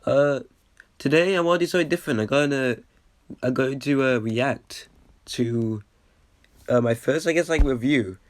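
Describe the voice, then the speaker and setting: Man, a bit sick, casual rambling commentary, self-deprecating, dry close sound, mid pitch. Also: normal speed, long pauses, dry recording. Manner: rambling, lots of fillers and restarts, self-deprecating. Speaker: YouTuber reacting to his old video.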